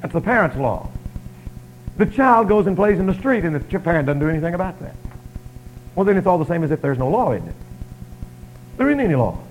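A preacher delivers his sermon in a slightly higher man's voice. He leans hard on rhetorical questions, pushing some lines loud and dropping others low. The sound carries the flat color of a radio broadcast. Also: fairly quick, long pauses, rough recording. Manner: emphatic rhetorical questioning, rising and falling loudness.

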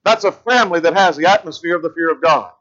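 A man delivers a sermon in a steady, teaching manner, leaning on each verse as he goes. His voice sits high and sounds bright and forward. The recording is somewhat muffled and lo-fi. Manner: measured teaching, slowing to stress scripture verses. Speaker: preacher.

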